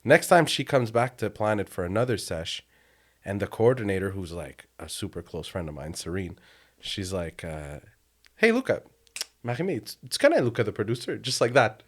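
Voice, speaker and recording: A young man from Quebec, a music producer guest chatting casually on a podcast, telling animated stories and acting out quotes with frequent laughter. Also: fairly low pitch, fairly quick. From Quebec, Canada. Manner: animated storyteller, acts out quotes, laughs often.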